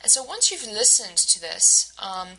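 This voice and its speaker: Woman teacher, recorded lecture, bright clear tone, hesitant fillers, step-by-step. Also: mid-range voice, sing-song, measured pace, slight background noise, rough recording. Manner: hesitant, many ums and uhs; explains step by step. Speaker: instructor.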